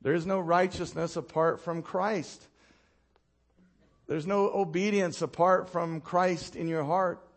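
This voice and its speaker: Preaching slowly and with fairly even intonation, this male pastor tells lively stories and chuckles at his own anecdotes. He lowers his voice to a quiet hush to land key points and calls on the congregation to respond.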